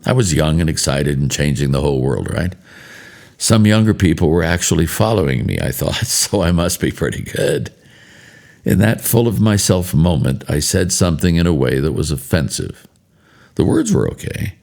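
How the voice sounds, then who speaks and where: A man in later life giving a spoken devotional, telling stories in a measured, earnest way. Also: a bass voice, sing-song, vocal fry, a little mellow. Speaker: devotional speaker.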